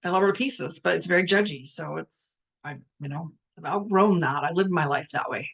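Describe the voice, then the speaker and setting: A middle-aged woman hosting a live spiritual talk, speaking in a reflective, musing way with many restarts and pauses, and now and then putting on the voices of family members. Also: lowish voice, gravelly, slightly rough. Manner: quotes family conversations in lively voices. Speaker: spiritual empath host.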